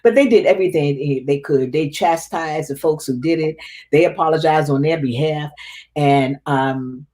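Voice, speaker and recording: A woman's voice: low voice, moderate pace, warm tone. A woman being interviewed, telling a painful personal story with feeling and often repeating words as she relives it. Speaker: interview guest.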